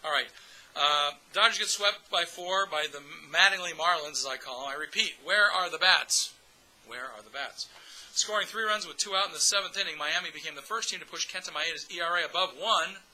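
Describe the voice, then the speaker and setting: A man's voice: fairly high pitch, sharp tone, slight background noise, poor audio. A man hosting a casual fan podcast, chatty and upbeat, speaking straight to his audience. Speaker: podcast host.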